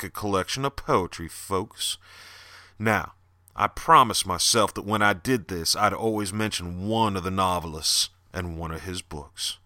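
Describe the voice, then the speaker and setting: A man with a Southern accent who hosts a podcast, reading a dark horror story and then plugging books in loud, animated chat. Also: deep voice, a little slow, dry recording, clean studio sound. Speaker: podcast host and horror author.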